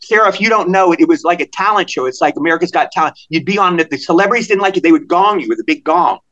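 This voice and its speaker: An older man from Maryland, a podcast guest telling animated anecdotes and acting out the voices of people in them. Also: a little high, very fast, muffled recording. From Maryland, USA. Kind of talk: storytelling in a podcast interview.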